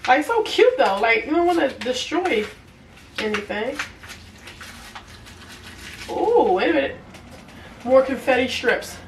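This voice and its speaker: A young adult woman reviews products on camera in a casual way, chatty and quick to laugh, addressing viewers as "y'all." Her high voice is animated but slow, with frequent pauses. She's somewhat far from the mic in an echoey room with faint noise.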